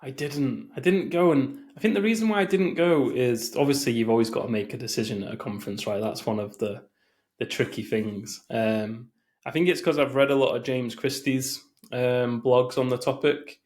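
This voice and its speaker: A man's voice: mid-range voice, normal speed, darkish tone. A man co-hosting a podcast in casual chat, rambling and hesitant with many fillers. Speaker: podcast co-host.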